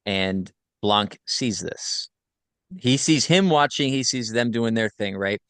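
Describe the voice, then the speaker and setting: Man, low voice, dry close sound, rambling casual movie recap. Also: lively intonation, slow pace, a bit bright, clear, resonant tone, dry recording. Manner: rambling, filler-heavy retelling. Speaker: podcast host.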